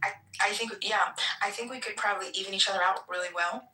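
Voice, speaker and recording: A woman's voice: mid-range voice, fairly even intonation, fast talker, far from the mic, a crowd in the background. A woman chatting casually as a guest, rambling with fillers and restarts. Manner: rambling, many fillers and restarts, laughs often. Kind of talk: casual chat. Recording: echoey, off-mic.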